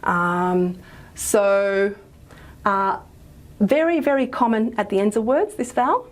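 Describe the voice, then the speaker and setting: A woman's voice: mid-range voice, slow. A woman giving a phonetics lecture, explaining patiently with many fillers and frequent "okay?" checks. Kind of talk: recorded lecture.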